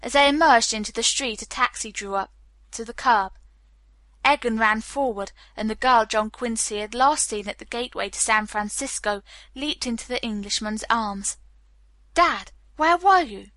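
A woman reads a novel aloud in a measured, even audiobook style. Her voice is bright and somewhat high. The sound is dry and close. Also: no echo. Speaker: audiobook narrator. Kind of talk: scripted narration.

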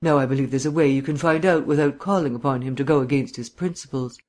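A man voicing a suave, bantering gentleman sleuth with bland, mannered phrasing in an audiobook reading. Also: mid-range voice, fairly even intonation, fast, lightly acted. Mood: earnest.

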